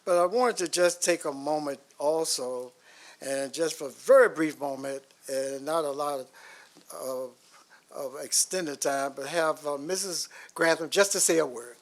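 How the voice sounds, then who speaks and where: A man presenting awards at a public board meeting, speaking formally with some halting pauses. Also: a little high.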